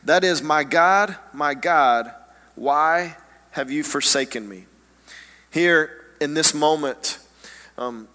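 A man preaching a sermon in an earnest, halting way, often repeating words as he gathers his thoughts. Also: fairly high pitch, sharp tone. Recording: long hall reverb.

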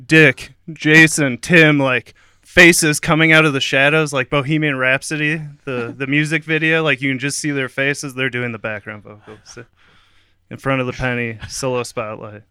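With a song playing, a comedic narrator gives a playful, giggly play-by-play of an imagined scene, often breaking into laughter. His mid-range voice is bright, forceful, clear and resonant, with fairly even intonation at normal speed, in a dry, clean studio recording.

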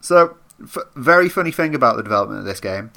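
Podcast co-host guy, bright edgy voice, rambles on with lots of sort of, like. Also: mid-range voice, animated, fast, gravelly. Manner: rambling, hedging explanations. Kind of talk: casual chat.

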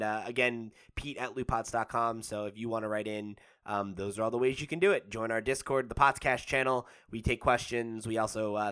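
A man's voice: mid-range voice, pushed and bright, smooth. A man co-hosting a podcast, chatting casually and animatedly with lots of fillers and restarts. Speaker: podcast co-host. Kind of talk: casual chat.

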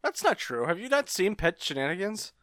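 A man's voice: high voice, big pitch swings, a little fast, a bit bright, dry recording, clean studio sound. A man in casual podcast chat, joking and playfully quoting characters.

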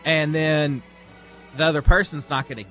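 A man co-hosting a radio show, joking in a dry, deliberate way during casual banter. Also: fairly high pitch, steady tone, sharp tone, faint music behind. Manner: dry, deliberate, wry humor. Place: radio studio.

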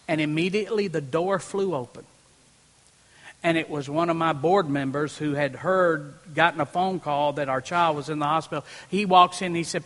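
A pastor preaching a sermon from a church platform, telling a personal story and swinging from hushed moments to loud preaching. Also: male voice, on the high side, moderate pace. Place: church platform before a congregation. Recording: long reverb in a large hall.

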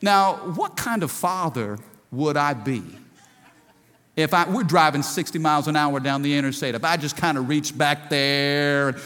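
A man in his forties preaches a sermon in a high voice, often throwing rhetorical questions to the congregation. His voice carries with a long reverb, as in a large church hall. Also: normal speed, a bit bright, faint music behind. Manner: preacherly, calls for audience response. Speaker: pastor.

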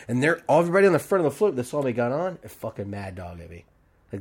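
A man's voice: lowish voice, quick pace, slightly rough. A young adult man, a barbershop podcast host, tells a rowdy story in casual chat, swearing freely and acting out the other people's lines. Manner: animated, profane, acts out quoted voices. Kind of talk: casual storytelling among friends.

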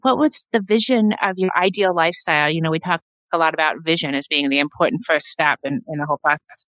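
A woman's voice: low-pitched, fast, fairly bright tone, no echo. A woman hosting an interview, asking encouraging questions in a casual, conversational way. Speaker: podcast host, organizing consultant.

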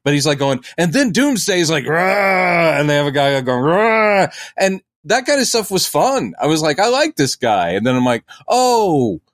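A man's voice: a little high, brisk, few pauses, no room sound. Chatty man riffing on comics, dry mic. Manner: animated, acts out quotes in silly voices. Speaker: podcast co-host. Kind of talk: casual chat about comics.

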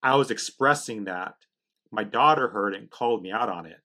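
Bright, animated middle-aged man. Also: fairly low pitch, brisk.

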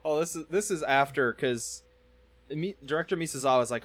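A man's voice: fairly high pitch, brisk, dry recording. A man co-hosting a podcast, casually recapping plot and acting out lines. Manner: narrates plot with animated quoted voices. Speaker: podcast co-host.

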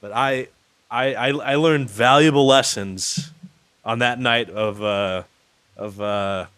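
A man's voice: mid-range voice, slow pace, fairly bright tone, clean tone, no room sound. A man co-hosting a podcast, telling a rambling story in casual chat, full of fillers and restarts, swearing freely. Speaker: podcast co-host.

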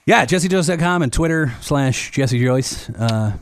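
Animated male comedian telling a story. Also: mid-range voice, a little slow, a little hiss or hum. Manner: animated storyteller who acts out quoted voices. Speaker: comedian guest. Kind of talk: casual storytelling chat.

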